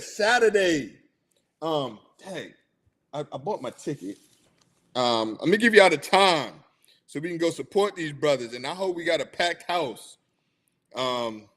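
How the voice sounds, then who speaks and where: A man's voice: on the high side, a bit bright. A middle-aged man hosting a casual sports talk show, chatty and hyped, laughing often.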